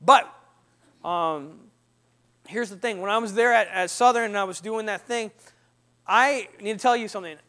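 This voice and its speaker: A preacher in his thirties tells his testimony from the pulpit, joking with his congregation. His voice sits very high for a man and has a bright, forceful edge. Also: normal speed, long pauses. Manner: storytelling, animated, jokes with the congregation. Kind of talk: sermon testimony.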